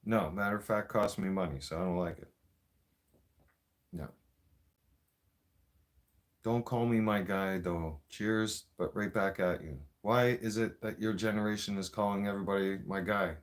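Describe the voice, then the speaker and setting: A man's voice: fairly low pitch, moderate pace, long pauses. A man in a profane, mocking political rant, cursing and repeating himself. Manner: vaping while talking. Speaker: vlogger.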